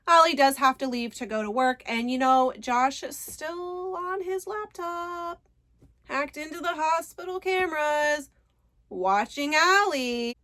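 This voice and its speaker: A woman's voice: sits high, measured pace, sharp tone. A woman casually recapping a book, chatty, retelling scenes and quoting characters' lines. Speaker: book reviewer.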